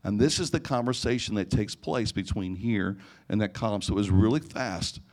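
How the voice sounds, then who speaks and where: Middle-aged man, pastor, lowish voice, animated sermon storytelling, gets loud and emphatic, live church audience. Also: moderate pace. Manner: animated, rising to near-shouting in emotional parts, frequent restarts. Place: church or conference hall before a live audience.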